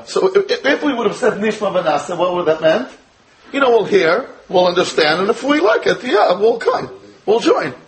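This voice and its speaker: High-voiced American rabbi lecturing. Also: male voice, sing-song, normal speed, low-quality recording. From United States. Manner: rhetorical questions to students, weaving in Hebrew and Yiddish terms. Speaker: rabbi teaching a class. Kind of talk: Torah lecture.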